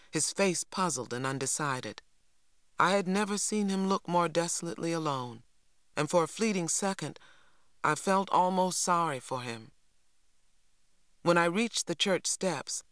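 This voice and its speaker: A narrator reading a novel aloud in a measured, steady storytelling manner. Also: mid-range voice, no echo, studio quality. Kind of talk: audiobook narration.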